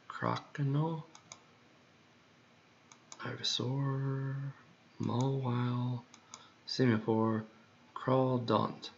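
A man's voice: mid-range voice, vocal fry, a little hiss or hum. A man thinking aloud while he works, muttering to himself and repeating words over and over. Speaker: creator working on a song. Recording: dull lo-fi recording.

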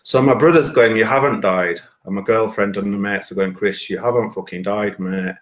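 A man telling a rambling, sweary personal anecdote, jumping up loud when he quotes himself. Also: fairly low pitch, normal speed. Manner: sweary, animated, rises to shouts when quoting himself. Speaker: storyteller. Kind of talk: casual anecdote.

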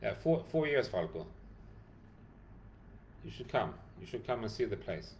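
A man's voice: on the low side, sing-song, a little slow, gravelly, a little mellow, slight background noise. Tired man answering a livestream chat. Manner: reads viewer comments aloud and thanks them by name. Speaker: dog rescue founder answering live chat. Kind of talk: casual livestream Q&A.

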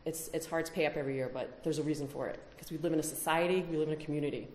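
Low-voiced woman giving a conference talk. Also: steady tone, racing, darkish tone, reverberant, a little hiss or hum. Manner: emphatic, rhetorical questions. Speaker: conference speaker. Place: conference hall.

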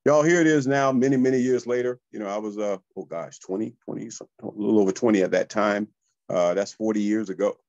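A man, a real estate coach telling motivational stories to listeners in a lively, high-energy way. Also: no echo, dull audio. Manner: high-energy, animated, addresses listeners as y'all. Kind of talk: motivational storytelling.

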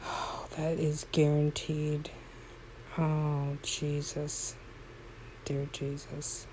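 A woman's voice: low voice, completely flat delivery, drawn-out words, a little mellow, a little hiss or hum, low-quality recording. A woman playing a horse game at home, commenting casually and fondly, exclaiming often and talking sweetly to her horses. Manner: frequent exclamations.

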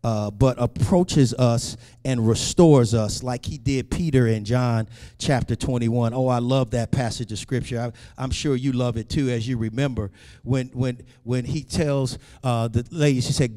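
Preaching man swinging soft to loud. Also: medium pitch, normal speed. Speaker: pastor. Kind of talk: sermon.

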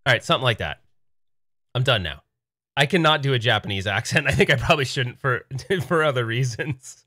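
Rambling, lively male livestream host. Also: mid-range voice, brisk, no echo, clean studio sound. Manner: rambling, laughs easily, excitable. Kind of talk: casual live chat.

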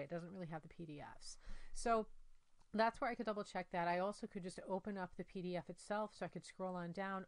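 A woman giving a software tutorial, talking through each step in a relaxed way with many ums and uhs. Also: fairly low pitch, clear, resonant tone, no echo. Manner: relaxed, thinking aloud with frequent um and uh. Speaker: instructor demonstrating software. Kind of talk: screen-recorded tutorial walkthrough.

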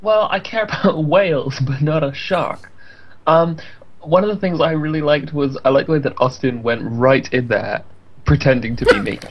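A man's voice: a little high, moderate pace, lo-fi sound. A man chatting casually about a game, hesitant with many fillers and laughs. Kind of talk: casual group chat after a game.

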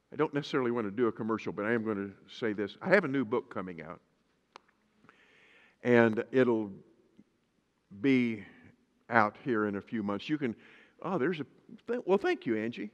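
A man, a pastor, preaching a sermon in a lively way, reading scripture aloud in a slow, deliberate manner. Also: mid-range voice, muffled recording. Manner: lively preaching, reads scripture slowly and emphatically. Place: church sanctuary. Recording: reverberant church hall.

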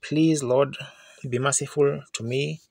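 A man acting out a pleading old blind male beggar within a sermon, in his own gravelly voice. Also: medium pitch, steady tone, unhurried, darkish tone, dry recording. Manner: pleading, crying out.

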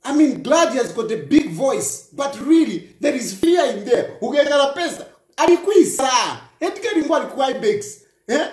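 A man's voice: very high-pitched, big pitch swings, moderate pace, a little mellow, roomy sound. A man giving reaction commentary on a news clip, mocking and firing repeated rhetorical questions. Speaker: political commentator.

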